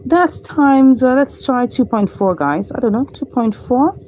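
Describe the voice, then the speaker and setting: Excitable woman with a lively high voice. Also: unhurried, slight background noise, rough recording. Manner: excitable, cheers and laughs at wins; talks viewers through numbers step by step. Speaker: crypto trading channel host. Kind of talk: screen-recorded trading walkthrough.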